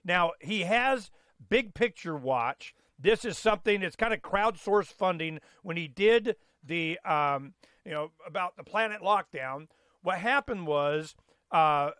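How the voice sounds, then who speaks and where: Man, talk show host, folksy rambling chat, slightly high pitch, dry close sound. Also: expressive, measured pace, fairly bright tone, no room sound. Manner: loose, folksy, full of fillers and restarts.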